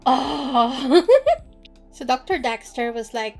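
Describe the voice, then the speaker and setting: A fairly high-voiced woman chats through a novel recap in a playful, slangy way. She acts out the characters' lines in quick asides without really changing her voice. Soft music plays under her voice. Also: lively intonation. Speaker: book reader and recapper. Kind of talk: casual chat recapping a novel.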